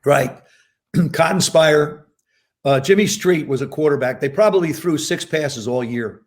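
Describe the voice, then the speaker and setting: A man in his seventies, originally from New Jersey, speaks as a podcast guest in a fairly high voice. He tells long anecdotes in a relaxed, conversational way and slips into lively impressions whenever he quotes someone. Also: measured pace. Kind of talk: casual storytelling interview.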